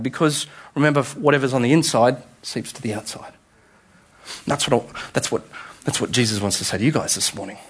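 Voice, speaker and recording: A pastor delivering a sermon in a conversational way that builds to emphatic, repeated appeals. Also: male voice, mid-range voice, fast, husky. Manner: conversational preaching, rising to emphatic repetition.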